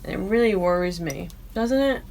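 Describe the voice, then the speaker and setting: A woman hosting her own podcast in casual chat, loud and profane, often bursting into yelling. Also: lowish voice, normal speed, vocal fry. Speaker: podcast host.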